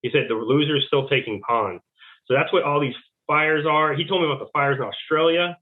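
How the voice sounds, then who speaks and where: A man's voice: fairly high pitch, a little fast. A male American podcast guest recounting a story in a rambling way, full of restarts and filler words. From United States. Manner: rambling, fills speech with "like" and restarts. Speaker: podcast guest, Navy veteran. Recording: tinny phone-like line.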